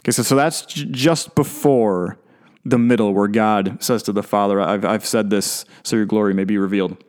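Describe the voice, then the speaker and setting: Man preaching a casual, animated sermon. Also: on the low side, moderate pace. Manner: casual and animated, restarts and repeats words. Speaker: pastor. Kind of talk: conversational sermon.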